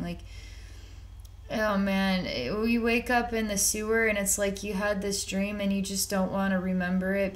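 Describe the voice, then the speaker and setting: A woman talks through a psychic reading off the cuff. She rambles, circles back with repeated words, and drops casual slang as she goes. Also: mid-range voice. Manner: rambling and repetitive, conversational, with slang. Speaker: psychic reader.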